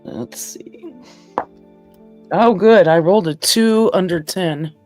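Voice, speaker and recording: A woman playing a tabletop game, soft-spoken and hesitant with many fillers. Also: on the low side, takes it slowly, faint music behind. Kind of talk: casual game chat.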